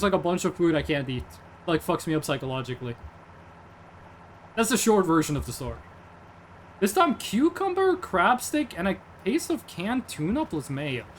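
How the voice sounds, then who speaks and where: A man's voice: high-pitched, a little hiss or hum. A young man, streaming casually in a rambling, jokey way and answering chat. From Norway.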